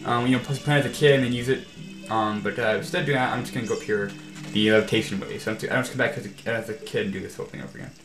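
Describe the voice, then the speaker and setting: With a low-leaning, steady voice, a let's play host races through casual, rambling commentary on his game, easily exasperated and frequently saying "freaking." Faint game music plays in an echoey room.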